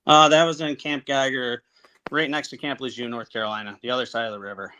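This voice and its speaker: A man in his forties from upstate New York tells his story in a casual interview. His voice is bright and forceful. He speaks plainly and halts often, restarting his sentences. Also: mid-range voice, steady tone, smooth. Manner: halting, plainspoken, many fillers and restarts. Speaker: guest, Marine veteran.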